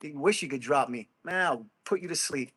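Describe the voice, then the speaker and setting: Blunt high-voiced man livestreaming. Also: brisk, a bit bright, slightly rough. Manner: blunt, emphatic, calls viewers bro. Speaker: livestream host. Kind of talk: casual livestream chat, reading comments.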